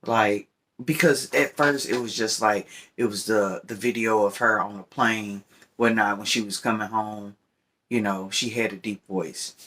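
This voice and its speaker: A man's voice: fairly even intonation, measured pace, pushed and bright. A man talks in a casual vlog, rambling and often checking in with the listener. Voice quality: deep voice. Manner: rambling, repeats "you know what I'm saying". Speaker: vlogger. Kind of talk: casual opinion talk while smoking.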